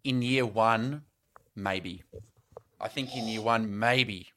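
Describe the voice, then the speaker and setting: A man's voice: on the low side, slow, fairly bright tone, slight background noise. An Australian man hosting a sports podcast, casual, confident and joking. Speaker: podcast host.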